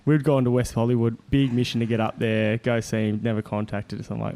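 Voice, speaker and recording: An Australian man spins a story in relaxed chat, mellow and warm in tone. He is animated and laughs easily, slipping into the voices of the people in his tale. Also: medium pitch, brisk. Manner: animated, laughs often, acts out quotes. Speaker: guest. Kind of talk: casual storytelling.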